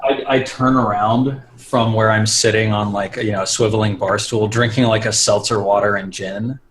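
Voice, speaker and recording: A man playing a tabletop role-playing game, chatting in a relaxed way. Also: on the low side, normal speed. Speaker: player. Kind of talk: casual tabletop play.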